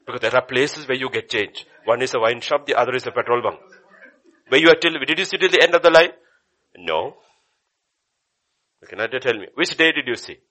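Animated pastor preaching. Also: male voice, brisk, long pauses. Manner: dramatic swings from loud exclamation to low hushed asides. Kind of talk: sermon.

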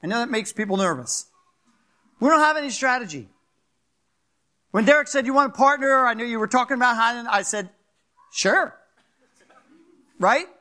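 An older male pastor with a Philadelphia accent delivers a sermon fast and animated, repeatedly asking the crowd "right?" to check in. His voice sits high for a man, with a bright, forceful edge.

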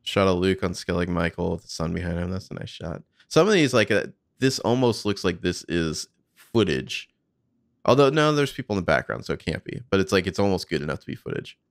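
A man's voice: sits low, very animated, a little fast, creaky, dry recording, studio quality. A man casually commenting on behind-the-scenes footage, swearing freely and thinking aloud.

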